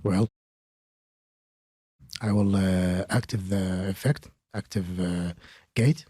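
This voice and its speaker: A man hosting an audio production tutorial, talking haltingly with many filler pauses as he explains plugins. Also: sits low, fairly even intonation, mellow, breathy edge, no echo, studio quality. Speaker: mixing tutorial host.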